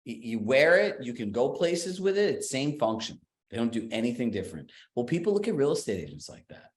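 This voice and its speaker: Guy coaching a room, lively up-and-down voice, echoey sound. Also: medium pitch, fairly quick. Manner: animated, emphatic, conversational. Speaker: business coach. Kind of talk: coaching seminar talk.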